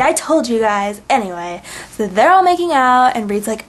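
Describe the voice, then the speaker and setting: A woman casually recapping a web series episode, chatty and sarcastic, full of "like" and quick eye-rolling asides. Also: medium pitch.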